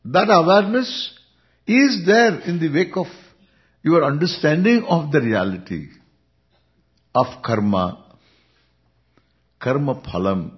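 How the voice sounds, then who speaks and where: A man with an Indian accent, a spiritual teacher giving an unhurried Vedanta discourse, chuckling often as he speaks. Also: a little high. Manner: unhurried, chuckling, lively intonation. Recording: dull lo-fi recording.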